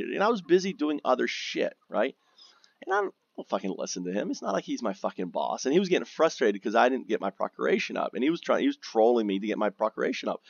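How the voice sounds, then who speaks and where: Low, gravelly male gamer, casual and swearing, rambling story, dry lo-fi mic. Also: dry recording. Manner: profane, rambling, with frequent restarts and fillers. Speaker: gamer recounting guild drama.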